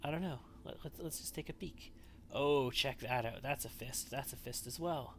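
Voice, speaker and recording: A man's voice: medium pitch, moderate pace, slight background noise. A man hosting a let's play, thinking aloud and wavering as he makes choices in a strategy game. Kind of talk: gameplay commentary.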